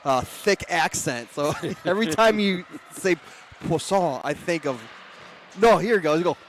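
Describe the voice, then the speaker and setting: A man's voice: a little high, lively intonation, moderate pace, slight background noise. A man doing color commentary on a hockey broadcast, chatty and laughing through rambling asides.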